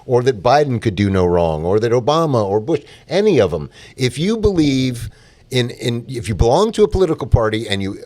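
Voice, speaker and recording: A man's voice: medium pitch, a little mellow. A man hosting a podcast in casual chat, opinionated and ranting. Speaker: podcast host.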